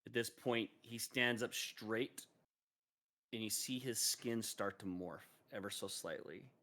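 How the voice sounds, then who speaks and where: A man's voice: on the low side, a little slow, sharp tone. A man narrating a tabletop game as game master, in a casual way with frequent fillers.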